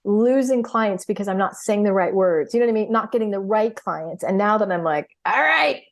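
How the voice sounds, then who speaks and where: A middle-aged woman in a casual interview chat who tells her stories with lots of energy. She acts out her own past reactions and laughs often. Her voice sits at an ordinary pitch for a woman. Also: fairly quick, a little mellow. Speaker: podcast guest, healer and coach.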